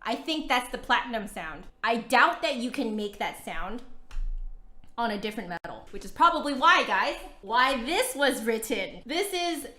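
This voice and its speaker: A woman's voice: fairly high pitch, lively intonation, normal speed, bright, forceful tone. An American woman demonstrating a flute on a casual livestream, chatting straight to her viewers. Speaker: flutist reviewing an instrument. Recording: roomy echo.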